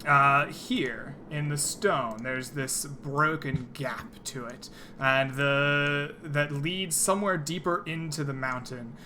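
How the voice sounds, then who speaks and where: Guy running a tabletop game, bright cutting voice, slightly high, calm scene setting. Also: a little hiss or hum. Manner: descriptive, unhurried scene narration. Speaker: game master.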